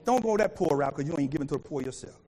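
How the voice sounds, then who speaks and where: This man's voice sits a little high, and he preaches rapid-fire in a low-quality recording. As pastor, he leads a lively call-and-response sermon, repeatedly prompting the congregation to complete his phrases.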